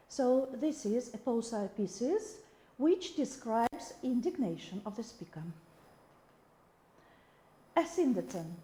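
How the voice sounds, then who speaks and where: A woman's voice: a little high, animated, slow pace, pauses often, dark tone, roomy sound. A woman with a Russian accent giving a recorded video lecture, reading examples aloud with the odd restart.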